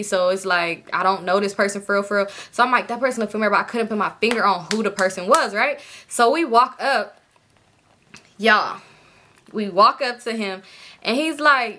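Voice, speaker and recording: Young woman, storytime vlogger: bright and animated, slips into voices for quoted people. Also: a little high. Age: young adult. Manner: chatty, animated, quick voice switches for quoted people. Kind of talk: casual storytelling to camera.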